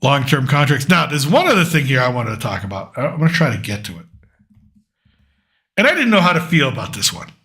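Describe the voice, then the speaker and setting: A man's voice: mid-range voice, big pitch swings, brisk, pushed and bright. A man hosting a casual political commentary show, thinking aloud and rambling as he reads through lists. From United States.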